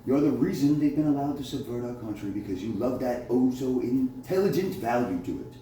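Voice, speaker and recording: A man's voice: mid-range voice, animated, brisk, warm tone. Echoey, heated man ranting. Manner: heated, profane, accusatory ranting. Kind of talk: angry monologue to camera. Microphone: phone. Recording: very echoey room, voice far from mic, faint noise.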